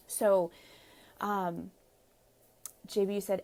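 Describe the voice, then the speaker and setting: A woman's voice: mid-range voice, normal speed, a little mellow. A woman relationship coach giving chatty live advice to viewers, laughing often and acting out what partners say. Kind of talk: live-streamed advice talk.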